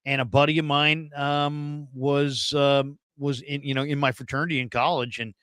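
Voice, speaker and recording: Man in his fifties, middle pitch, rambling anecdotal guest with lots of fillers. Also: level tone, normal speed, fairly bright tone, clear, resonant tone, no echo. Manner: rambling, many fillers and restarts. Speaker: guest, former NFL scout turned radio host. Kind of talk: casual storytelling interview.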